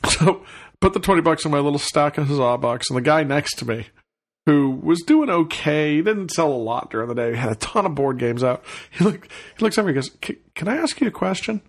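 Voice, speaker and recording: A podcast host, a man with a slightly raised pitch, spins a casual anecdote. He acts out the voices of the people in his story and breaks into chuckles as he goes. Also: lively intonation, brisk. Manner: chuckles often while talking.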